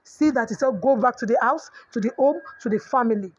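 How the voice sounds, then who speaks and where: A woman's voice: a little high, a little fast, slightly rough. A middle-aged woman with a Nigerian accent giving a preachy parenting talk, mixing in Yoruba proverbs. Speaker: parenting coach. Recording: dull lo-fi audio.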